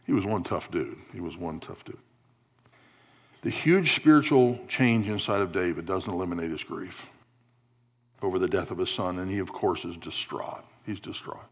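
A man's voice: sits low, slightly rough. Storytelling male preacher with wry humor. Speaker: pastor. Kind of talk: sermon.

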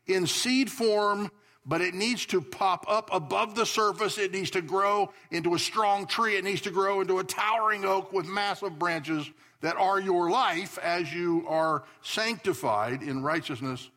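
Man, pastor, emphatic church sermon, slightly high register. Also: moderate pace, few pauses. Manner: emphatic, swings between loud declarations and soft asides. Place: church sanctuary.

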